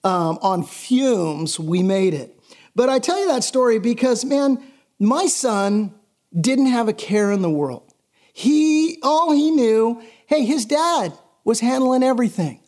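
A man's voice: extremely high pitch, lively intonation, takes it slowly, darkish tone. A middle-aged male pastor giving a sermon in a conversational, emphatic way, often repeating himself for stress.

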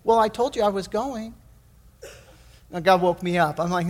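A middle-aged man preaching a sermon as pastor, telling stories in a folksy, animated way with many restarts. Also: sits high, normal speed, in a large hall. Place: church sanctuary.

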